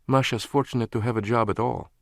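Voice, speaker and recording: A male audiobook narrator voicing a passionate, sarcastic young Russian woman, raising his voice high for her. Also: fairly even intonation, quick pace, vocal fry, no echo, studio quality, lightly acted. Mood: tender.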